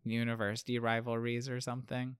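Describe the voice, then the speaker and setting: A man chimes in on a podcast with amused asides. His voice is smooth and clear, recorded dry and close. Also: mid-range voice, monotone, fairly quick, dry recording. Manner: amused, brief reactions. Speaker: podcast co-host. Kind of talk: casual chat.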